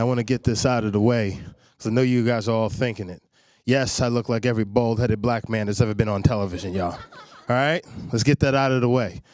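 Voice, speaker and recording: A man's voice: mid-range voice, no echo, studio quality. A man from Long Island doing a stand-up comedy set, loose and conversational, talking straight to the crowd. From Long Island, New York. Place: comedy stage in a studio.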